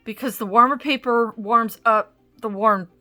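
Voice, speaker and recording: A woman with a fairly high, bright, forceful voice speaks at a measured pace. She hosts a casual crafting demo from her craft desk at home, chatty and rambling, interrupting herself while she tests crayons.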